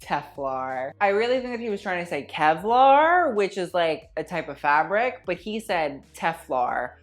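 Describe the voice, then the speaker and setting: A woman's voice: lowish voice, sing-song, measured pace. A woman giving sarcastic, profane, gossipy commentary on a red carpet, with faint music behind her. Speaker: fashion commentator. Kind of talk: casual commentary.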